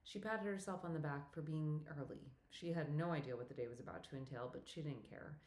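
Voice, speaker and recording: A woman reading a romantic comedy novel aloud as audiobook narrator, in a steady, even storytelling manner. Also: deep voice, fairly quick. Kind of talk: scripted narration. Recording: roomy echo.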